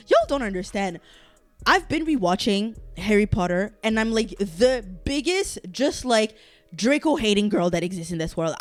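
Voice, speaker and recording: A woman's voice: on the high side, animated, moderate pace, faint music behind. A woman hosting a casual solo podcast, talking animatedly and swearing as she reacts to quiz results. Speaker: podcast host.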